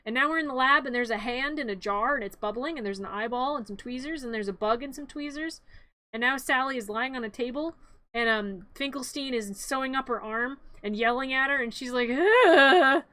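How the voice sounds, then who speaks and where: Woman, streamer, casual comic narration, rambling, giggly, high voice, bright tone. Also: fairly quick. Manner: rambling, giggly, talks to the drawings.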